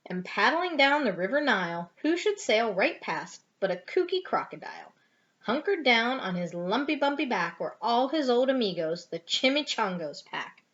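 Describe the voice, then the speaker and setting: An older woman reading a picture book aloud to a child in an expressive, sing-song way. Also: on the high side, normal speed. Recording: dull lo-fi home recording.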